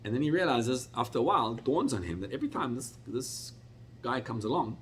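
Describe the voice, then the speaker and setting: Animated middle-aged rabbi teaching. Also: male voice, fairly quick, a little hiss or hum. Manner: animated, expressive storytelling with sudden pitch jumps. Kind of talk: Torah class.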